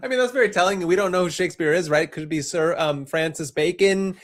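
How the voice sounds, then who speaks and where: Male podcast guest, slightly high voice, excitable and loose, laughs often. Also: a little fast. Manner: enthusiastic, laughs easily, rambling. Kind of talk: casual chat.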